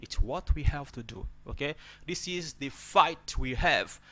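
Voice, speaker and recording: This man, who isn't a native English speaker, gives an unhurried spoken lesson on English pronunciation and word stress in a slightly high, bright, forceful voice. He often repeats words, asks "okay?", and refers to the listener as brother.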